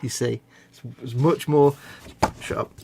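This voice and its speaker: A man's voice: medium pitch, steady tone, unhurried, vocal fry, background noise. A man, co-hosting a live stream and trading dry jokes in casual banter. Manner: dry, wry joker. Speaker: co-host, regular guest.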